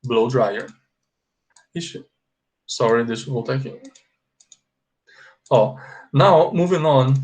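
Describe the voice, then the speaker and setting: A man with a Brazilian Portuguese accent, a native Portuguese speaker teaching an online English lesson, slowly repeating words for pronunciation and often checking in with "ok?". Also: mid-range voice, darkish tone.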